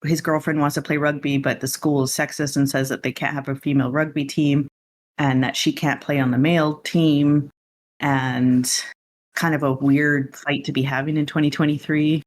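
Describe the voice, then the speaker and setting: A man's voice: on the high side, level tone, moderate pace. A man hosting a podcast, casually recapping a film in a chatty, rambling way with lots of asides. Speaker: podcast host.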